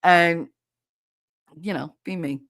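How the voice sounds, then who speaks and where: A woman in her fifties with a New Jersey accent, chatting as a podcast host. Her voice sits a little low, and she talks bluntly, swears freely and acts out both sides of the exchanges she retells. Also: fairly even intonation, takes it slowly, fairly bright tone, dry recording, clean studio sound. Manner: blunt and profane, acting out both sides of conversations. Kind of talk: casual storytelling chat.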